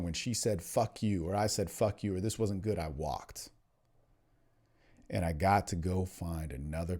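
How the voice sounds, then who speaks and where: A man hosting a solo podcast, talking candidly and profanely, swinging between emphatic bursts and low muttering, and often calling the listener "man.". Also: darkish tone. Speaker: podcast host and dating coach.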